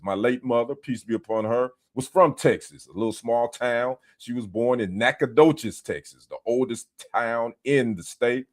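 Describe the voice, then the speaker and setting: A man's voice: medium pitch, darkish tone. A man from the United States hosting a casual sports livestream, greeting viewers by name and trading teasing banter with the chat. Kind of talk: casual live-stream chat. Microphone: streaming setup.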